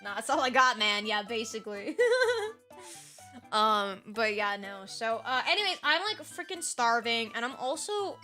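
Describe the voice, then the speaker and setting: A young adult woman streamer, chatty and laughing often, rambling with fillers, a little hoarse and tired. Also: a little high, lively intonation, normal speed, sharp tone, soft background music. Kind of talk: casual chat recapping a role-play game.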